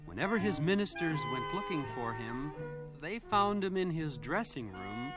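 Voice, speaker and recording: Brief: male children's storyteller, animated delivery over music. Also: a little high, moderate pace. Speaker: children's show host.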